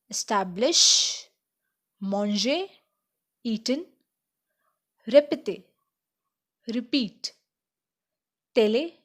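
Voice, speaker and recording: A woman teaching a slow beginner French lesson, checking in with "okay?" as she explains each point. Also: on the high side.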